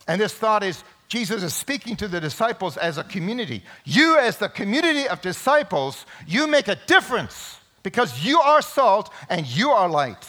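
A man preaching a Sunday sermon in a church, emphatic, with sudden loud peaks. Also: high voice, sing-song, moderate pace, few pauses. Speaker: pastor.

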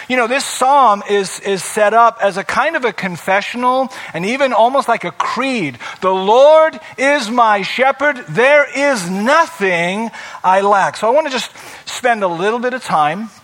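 A middle-aged man preaching a sermon in a high, bright voice. He is earnest and asks his listeners rhetorical questions. He leans on repeated phrases to drive each point home. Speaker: pastor.

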